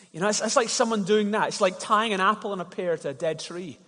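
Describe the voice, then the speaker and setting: Male pastor, slightly high voice, conversational sermon with story illustrations, recorded in a reverberant church hall. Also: fairly quick, hardly any pauses, sharp tone. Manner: conversational storytelling, repeats words when starting a thought.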